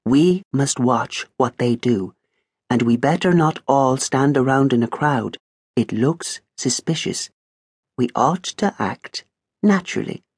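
A man's voice: medium pitch, expressive, breathy edge, no echo, studio quality. A man voicing a shrewd, composed female sheep who reasons carefully. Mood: resolute. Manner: measured and reasoning.

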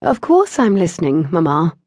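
Woman doing a bookish young spinster, firm and dry, warm breathy tone, a bit raised. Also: lowish voice, very animated, normal speed, no echo. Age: 20s.

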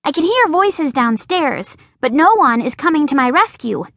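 A woman narrating a children's book in a lively, expressive way. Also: sits high, moderate pace, dry recording, studio quality. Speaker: audiobook narrator.

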